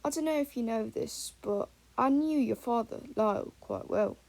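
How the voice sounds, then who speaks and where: A woman's voice: on the high side, normal speed, creaky, a little mellow. A woman voicing a friendly, easygoing male wizard professor, reassuring and chatty.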